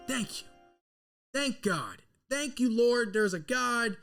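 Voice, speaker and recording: A man, hosting a live draft reaction stream and rambling nervously as an excitable fan into a desk mic. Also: very high-pitched, takes it slowly, creaky, music in the background. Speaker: sports fan host.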